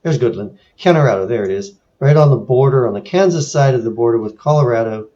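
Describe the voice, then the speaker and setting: A video creator from San Francisco, USA, narrates a casual screen tour from his home in France, his mid-range voice dark-toned and quick, recorded with lo-fi sound. His manner is wry and musing, with a light touch of sarcasm.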